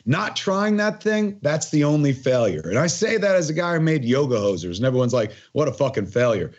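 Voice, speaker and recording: A man's voice: a little high, very animated, fairly quick, lo-fi sound. A man in his forties, a podcast guest talking casually in an emphatic, rambling way with plenty of swearing. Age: 40s. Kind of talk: casual conversational interview.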